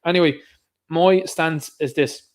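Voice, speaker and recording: An Irish man with a fairly high-pitched voice talks straight to camera in a solo commentary. His delivery is sarcastic and scoffing, full of rhetorical jabs. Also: measured pace. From Ireland. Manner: sarcastic, scoffing, mocks others in put-on voices. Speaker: online commentator.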